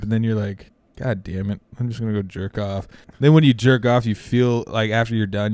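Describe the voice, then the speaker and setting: A man's voice: lowish voice, a little mellow. A man co-hosting a comedy podcast, telling rambling, profane stories in casual chat and acting out the quotes. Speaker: podcast co-host.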